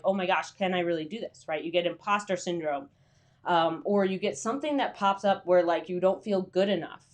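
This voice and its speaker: A woman hosting a casual live stream for freelance writers, chatty and full of fillers, greeting viewers by name and acting out her inner voice. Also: mid-range voice.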